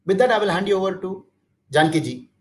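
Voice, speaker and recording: Very fast, lively Indian English man. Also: high voice. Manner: lively, mixes Hindi and English. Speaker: host of an online spiritual talk.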